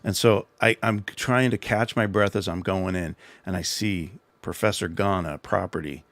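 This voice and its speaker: Low gravelly man telling a story. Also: fairly even intonation, moderate pace, a bit bright, dry recording. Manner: rambling, self-deprecating, frequent restarts. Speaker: livestream host. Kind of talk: casual storytelling advice.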